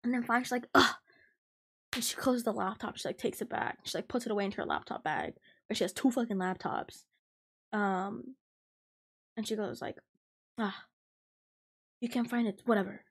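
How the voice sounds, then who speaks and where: A young woman hosts a casual podcast, telling a work story as an animated, swearing rant. Her voice is gravelly with fry and has a husky, breathy grain. She talks in a dramatic, fired-up way. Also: mid-range voice, a little fast. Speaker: podcast host. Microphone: podcast mic, recorded live.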